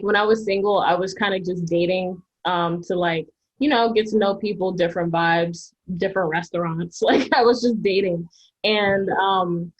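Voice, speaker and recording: A woman's voice: on the low side, muffled recording. A woman on a podcast panel telling stories in a chatty way, full of "like" and "um". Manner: chatty, storytelling, frequent "like" and "um". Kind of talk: casual debate chat.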